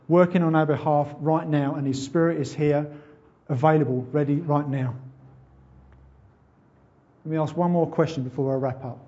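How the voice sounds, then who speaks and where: A man delivers a sermon with conviction, leaning on rhetorical questions and swelling into loud, urgent exhortations. His voice sits a little high. The recording is somewhat dull and muffled. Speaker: preacher.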